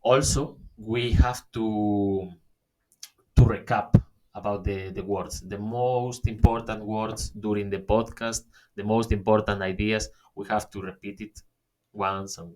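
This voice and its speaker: Slow-talking man giving a webinar. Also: fairly low pitch, fairly even intonation, darkish tone. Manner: halting, many fillers and restarts, says "okay?" often. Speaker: webinar presenter. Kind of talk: online workshop talk.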